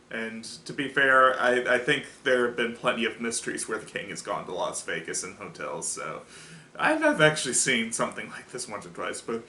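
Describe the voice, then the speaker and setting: Young man, bright voice, echoey room, rambling review chat, laughs often. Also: mid-range voice, lively intonation, moderate pace. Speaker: show reviewer.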